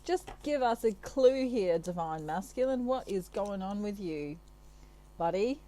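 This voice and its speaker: Giggly woman, slow and mellow. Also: mid-range voice, animated. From Australia. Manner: chatty, giggly, playful asides. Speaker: tarot reader. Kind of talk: casual chat to camera.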